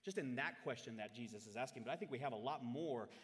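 A man preaching to his congregation in an impassioned sermon style. His delivery swings from loud, dramatic scripture readings to quiet, reflective asides. His voice sits in a middle pitch, and the long reverb of the hall trails after each phrase. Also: animated, quick pace. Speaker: pastor. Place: church hall. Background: congregation in the room.

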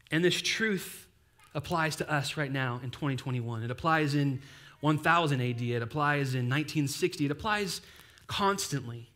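A young adult man preaching a sermon as pastor, casual and animated, with playful asides. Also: on the high side, moderate pace.

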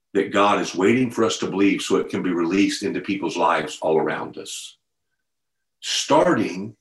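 A man's voice: fairly low pitch, roomy sound, poor audio. A man preaching a sermon over a video call, conversational at first and building to a fervent retelling. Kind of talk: sermon to an online group.

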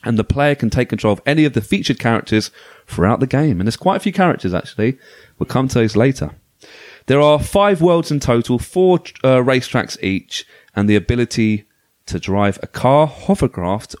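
A man's voice: medium pitch, lively intonation, moderate pace, a little mellow, no room sound. A man hosting a casual podcast chat about retro video games, talking with enthusiasm and frequent restarts. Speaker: podcast host.

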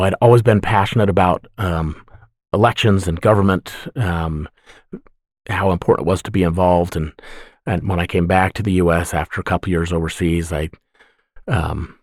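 A middle-aged man with a fairly low voice chats as a podcast guest, friendly and self-deprecating, often pausing on ums. The sound is dry and close to the mic. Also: a little mellow, dry recording. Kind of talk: casual interview talk.

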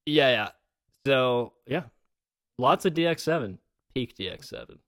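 A podcast co-host chats casually in a medium-pitched, expressive voice with a fairly bright tone and a measured pace. He rambles, swears now and then, and laughs often, and the sound is clean studio audio with no room sound.

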